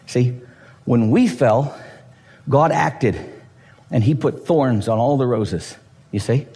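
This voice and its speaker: A man's voice: mid-range voice, takes it slowly. A middle-aged male pastor preaching a sermon and teaching his congregation, often checking in with them. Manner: animated preaching with repeated rhetorical checks.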